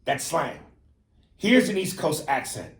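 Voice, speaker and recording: A man co-hosting a podcast in casual chat, animated and profane, often mimicking accents and slang. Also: on the high side, measured pace, echoey room. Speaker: podcast co-host.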